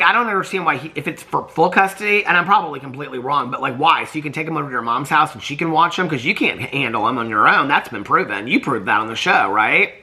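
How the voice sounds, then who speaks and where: Picture a man from the US Midwest who talks with a Southern accent, chatting through a reality TV recap. His voice is bright and forward. He is gossipy and emphatic and keeps checking in with "okay?". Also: fairly high pitch. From Indianapolis, Indiana, US Midwest. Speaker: TV recap YouTuber.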